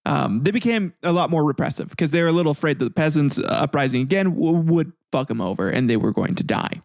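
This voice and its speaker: A man narrates history with irreverent, profane asides and a somewhat high voice. His tone has a steady gravelly crackle, heard close and dry. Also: fast, hardly any pauses, no room sound. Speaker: podcast host.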